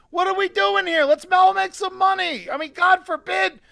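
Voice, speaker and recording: A man with a high, bright, forceful voice hosts a live-streamed comedy show. He rants with loose profanity, dropping to mutters and then bursting into shouts. The sound is close and dry, with no room around it. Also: normal speed, vocal fry, dry recording. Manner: profane, excitable ranting that swings between quiet asides and shouting. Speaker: show host.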